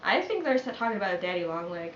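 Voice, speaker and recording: A woman's voice: on the low side, big pitch swings, very fast, roomy sound, muffled recording, slight background noise. A woman with a Chicago accent asking her boyfriend accent questions in casual, joking chat, swearing freely. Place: home room.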